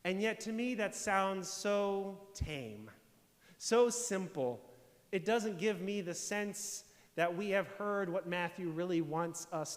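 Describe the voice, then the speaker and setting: A man with a high voice preaches in a church sanctuary, and the long reverb swallows the ends of his lines. As pastor, he explains scripture with building, emphatic declarations and rhetorical questions.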